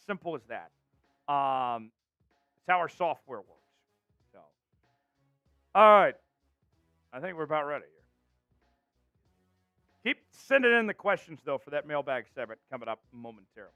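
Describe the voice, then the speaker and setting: Energetic man hosting a live sports show. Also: a little high, normal speed, pauses often, clean tone, no echo, faint music behind. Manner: energetic, reads viewer names from chat. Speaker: show host.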